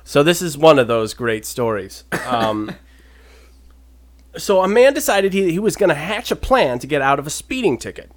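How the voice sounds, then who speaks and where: A man co-hosting a casual talk show, telling an odd news story with animated delivery. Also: a little high, measured pace. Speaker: podcast co-host. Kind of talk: casual chat, reading news stories.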